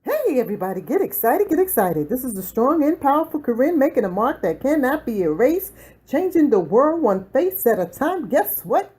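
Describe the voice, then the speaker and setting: A woman beauty vlogger talks through her makeup as she works, upbeat and fond of repeating a hype catchphrase. Her voice sits a bit high, with a warm, mellow tone. Her pitch swings up and down freely. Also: big pitch swings, normal speed. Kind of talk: makeup tutorial chat.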